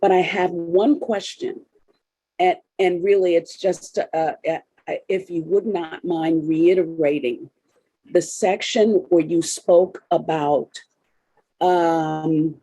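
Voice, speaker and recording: A woman's voice: fairly low pitch, fairly even intonation, slow pace, warm tone, no echo, low-quality recording. A woman from the audience asking an earnest question in a hesitant way, with many restarts and fillers.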